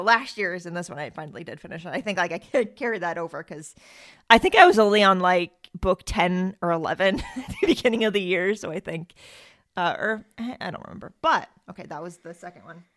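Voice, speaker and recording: A woman hosts a podcast in casual chat. Her voice sits a little low, and she rambles with plenty of fillers and easy laughs. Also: expressive, fairly quick, fairly bright tone, no echo, studio quality. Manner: chatty, laughs often, many fillers. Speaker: podcast host.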